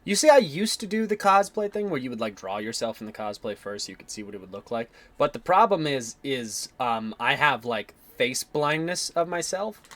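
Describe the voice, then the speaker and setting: A man's voice: medium pitch, very animated, normal speed, hardly any pauses, a bit bright, dry recording. A man in his twenties chatting casually on a stream, rambling, swearing freely and laughing often. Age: 20s.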